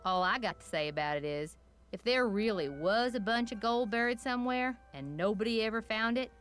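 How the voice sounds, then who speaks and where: A woman's voice: a little high, fairly quick, fairly bright tone, lightly acted. A woman playing a folksy Southern rural woman. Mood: blunt. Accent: Southern US drawl.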